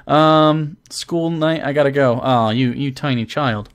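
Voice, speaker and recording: A man's voice: medium pitch, unhurried, few pauses, clean tone. A man streaming live and casually answering his chat, joking, teasing and swearing. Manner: joking and profane, teasing viewers.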